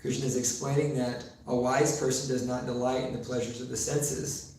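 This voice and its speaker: A man giving a sermon in a temple hall, telling stories with pauses and fillers, recorded far from the mic in a very echoey room with faint noise. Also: medium pitch, level tone, a little mellow. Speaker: preacher.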